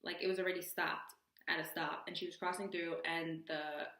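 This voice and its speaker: A young woman vlogger recounts a wild story in a casual, slang-filled voice. She sets her lines low and throws in jokey asides. The room around her rings with a roomy echo. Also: little pitch movement, moderate pace, bright, forceful tone.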